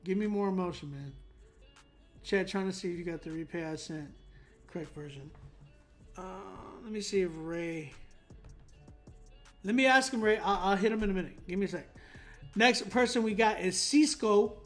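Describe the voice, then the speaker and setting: A young man hosting a song critique stream, talking in an animated, emphatic way with many fillers. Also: high-pitched, normal speed, pauses often, soft background music. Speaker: host giving song critiques. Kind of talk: livestream critique chat.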